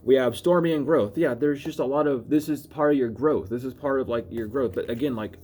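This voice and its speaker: A man giving a casual spiritual reading to camera, rambling and cursing, swinging between loud urging and low asides. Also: a little fast. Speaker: spiritual reader.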